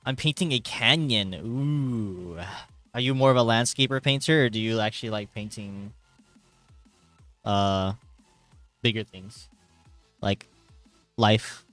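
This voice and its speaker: A young man live-streaming from his hot bedroom, chatting casually and reading chat aloud, rambling and jokey with sudden loud greetings, and a little tired. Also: fairly low pitch, slow, pauses often, faint music behind. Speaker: livestreamer.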